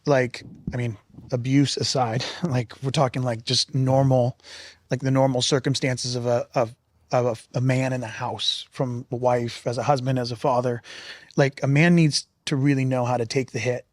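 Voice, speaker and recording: A man in a candid roundtable discussion, telling stories with animated acted-out quotes and laughter. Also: medium pitch, normal speed, no room sound, studio quality. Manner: animated storyteller who acts out quotes and laughs. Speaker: roundtable guest.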